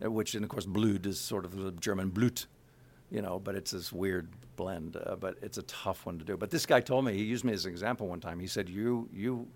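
Chatty man with a neutral general american voice. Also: fairly quick. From Kansas City area. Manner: rambling with many restarts and fillers; animated, shifts pitch to illustrate points. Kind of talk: casual interview chat.

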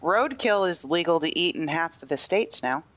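Woman tossing in quick wry asides. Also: low voice, animated. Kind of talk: casual comedic chat.

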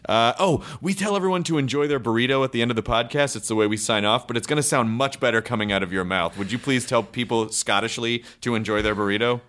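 A man's voice: mid-range voice, quick pace, hardly any pauses, fairly bright tone. An American man hosts a casual podcast interview with a mid-range voice. He is chatty and enthusiastic, gushing and swearing when something delights him. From United States. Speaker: podcast host.

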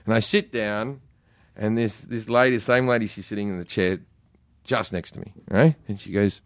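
With a fairly low, fairly even voice at normal speed, a man who's a comedian guest swaps stories on a casual podcast. Profanity comes easily to him, and he stammers and restarts as he goes. There's no echo on the recording.

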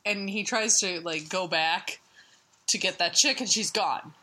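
A woman co-hosting a podcast, chatting casually about comics in an animated way, laughing and swearing freely. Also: fairly low pitch, a little slow, slight background noise. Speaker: podcast co-host.

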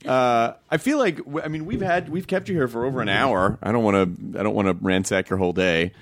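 Lively, playful male host. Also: mid-range voice, quick pace. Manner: playful, animated questions, stammering restarts. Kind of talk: casual chat.

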